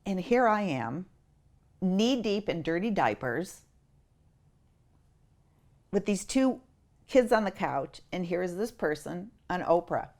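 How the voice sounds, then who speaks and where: A middle-aged woman telling a personal story as an interview guest, animated and acting out what others said. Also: slow pace, pauses often. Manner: animated, acts out quotes with big pitch jumps.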